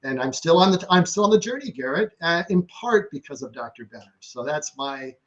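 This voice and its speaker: A man's voice: fairly high pitch, lively intonation, fairly quick, fairly bright tone, muffled recording. A man hosting a nursing education interview, earnest and sincere, with many "you know" fillers. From Minnesota. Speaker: podcast host. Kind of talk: interview conversation.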